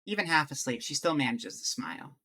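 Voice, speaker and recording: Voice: mid-range voice, animated, brisk, pushed and bright. A streamer chatting candidly with viewers and reading a visual novel aloud, with a rambling, restart-prone way of talking. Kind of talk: casual chat and visual novel read-through.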